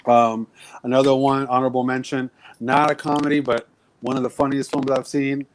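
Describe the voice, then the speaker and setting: A man's voice: medium pitch, level tone, fairly quick, slight background noise. A man co-hosting a podcast in casual chat, talking animatedly with lots of swearing and acting out movie lines. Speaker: podcast co-host.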